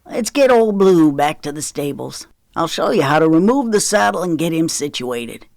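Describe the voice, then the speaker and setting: A woman voicing an easygoing older male rancher father with a relaxed, fond drawl in an audiobook. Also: sits low, moderate pace, creaky, dry recording, studio quality.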